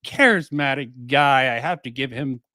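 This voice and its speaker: A man's voice: mid-range voice, moderate pace, sharp tone, dry recording. A man streaming casual commentary, rambling and swearing, with many fillers and restarts.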